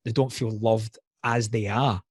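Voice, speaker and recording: A man's voice: fairly low pitch, fairly even intonation, measured pace, slightly rough, no room sound, studio quality. A man in a casual podcast conversation, blunt and candid, swearing freely while reflecting on personal wounds.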